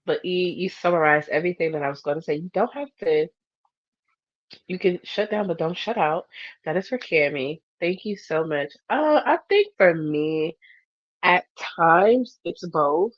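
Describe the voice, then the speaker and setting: Woman podcast host, chatty and animated, kinda low voice, dry dull sound. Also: measured pace, no echo. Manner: animated, acts out her inner voices. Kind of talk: casual faith talk.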